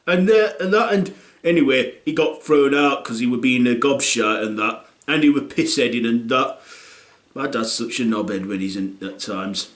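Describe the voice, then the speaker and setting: A man's voice: mid-range voice, expressive, moderate pace, echoey room, natural voice. A man playing crude dad. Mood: gossiping. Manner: rambling, crude, full of fillers and restarts. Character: blunt, crude northern English dad, thirties. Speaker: comedy character. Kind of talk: scripted comic monologue.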